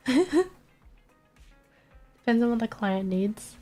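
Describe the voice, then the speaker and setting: A woman's voice: mid-range voice, unhurried, soft background music. A young woman streaming live, chatting casually with her chat, swearing and laughing often, her nose blocked so she sounds stuffy.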